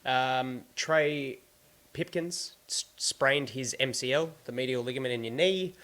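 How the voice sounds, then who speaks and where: A man's voice: medium pitch, a little slow, a bit bright. Australian male podcast host, laid-back news rundown, plain mid voice. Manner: easygoing, runs through team news plainly. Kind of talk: casual sports podcast chat.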